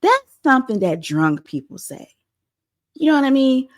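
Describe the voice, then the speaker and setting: A young adult woman hosting a pop-culture commentary show, animated and blunt, acting out quotes as she goes. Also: high voice, normal speed. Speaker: host.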